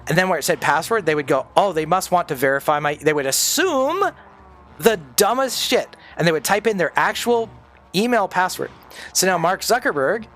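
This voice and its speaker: A man's voice: sits high, fairly bright tone. A man streaming a game, ranting in a profane, casual way and acting out the people he quotes. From Canada. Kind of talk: casual rant while gaming.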